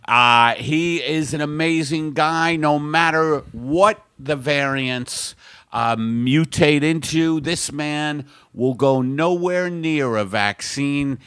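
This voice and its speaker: Casting: Brooklyn man, slow and bright-toned, mock-grandiose comic host riffing at home. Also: fairly high pitch, clear, resonant tone, no room sound. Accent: Brooklyn, New York. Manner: exaggerated, ranting, mock-grandiose. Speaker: podcast host. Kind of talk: comedic podcast riffing. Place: his home.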